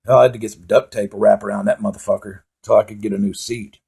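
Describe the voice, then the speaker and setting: A man's voice: lowish voice, steady tone, fast, gravelly, dark tone, breathy edge. A man telling profane, rambling comic stories in a casual monologue. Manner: profane, rambling, laid-back storytelling with laughs.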